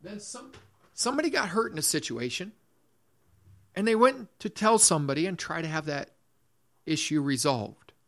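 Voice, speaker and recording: A man's voice: a little high, big pitch swings, moderate pace, vocal fry, long pauses, fairly bright tone. A man preaching a sermon in earnest, repeating his phrases, restarting sentences and reading scripture aloud. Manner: reads scripture in old-fashioned phrasing. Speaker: pastor.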